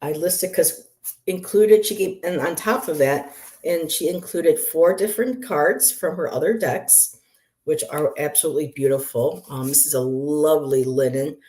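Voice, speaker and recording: A woman's voice: sits low, moderate pace, dark tone. A woman who reads tarot, chatting casually on a livestream and greeting viewers with easy laughter. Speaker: tarot reader.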